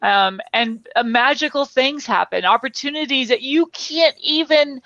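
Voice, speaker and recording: A woman's voice: high-pitched, unhurried, sharp tone, no room sound, lo-fi sound. A woman speaker chatting as a guest in an interview, filling her talk with "you know". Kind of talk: conversational interview.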